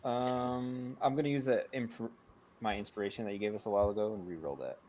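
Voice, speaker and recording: A man's voice: on the low side, brisk, darkish tone, a little hiss or hum. A man playing a tabletop game, reading rules aloud plainly. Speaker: player.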